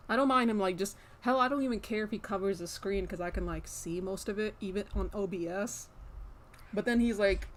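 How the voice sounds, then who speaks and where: A young woman streaming live, chatting casually and rambling with lots of fillers, breaking off to scold her pet with sharp repeated commands. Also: medium pitch, a little fast.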